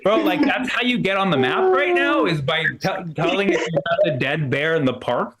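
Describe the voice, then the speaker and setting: A man performs stand-up comedy in a club, talking in a loose, rambling way. His voice sits a little high for a man. He fills gaps with ums and restarts his lines often. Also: big pitch swings, moderate pace, a loud crowd. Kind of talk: stand-up set on a livestream.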